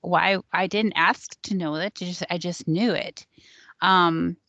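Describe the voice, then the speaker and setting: A psychic on a panel show, a woman with a lowish, fairly bright voice, recounts a personal experience slowly, with fairly even intonation, casually and conversationally with frequent ums and likes. The recording is dull and lo-fi, dry with no echo.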